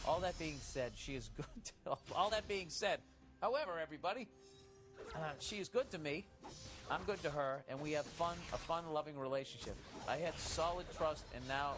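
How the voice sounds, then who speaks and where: A man hosting a comic advice show, reading out a listener's letter and answering with blunt, sarcastic, heavily profane advice. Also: medium pitch. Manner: blunt, sarcastic, heavy swearing.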